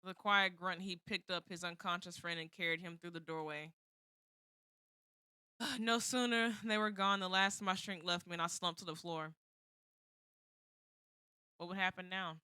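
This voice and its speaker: Bright-voiced woman streamer reading dramatically. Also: lowish voice, fairly even intonation, moderate pace, long pauses, smooth, dry recording. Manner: dramatic reading broken by flustered, exasperated asides. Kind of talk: reading a visual novel aloud on stream.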